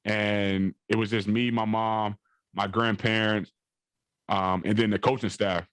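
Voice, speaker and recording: Young male athlete guest with a lowish voice, talking in a loose, repetitive, rambling way. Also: little pitch movement, unhurried, a bit bright, clear, resonant tone, dry recording. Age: young adult. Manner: rambling, repeats phrases and fillers. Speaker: college football player guest. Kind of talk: interview storytelling.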